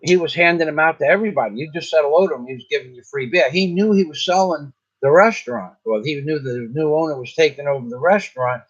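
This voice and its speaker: A man's voice: a little high, fast, few pauses, slightly rough, muffled recording. A man telling a rambling, indignant story in a casual vlog, often restarting his sentences. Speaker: vlogger. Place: in the Philippines.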